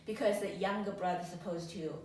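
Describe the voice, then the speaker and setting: A woman's voice: mid-range voice, steady tone, fast talker, darkish tone. A woman teaching a Chinese language lesson in English, patiently drilling pronunciation one syllable at a time. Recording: echoey room, mic far off, faint noise.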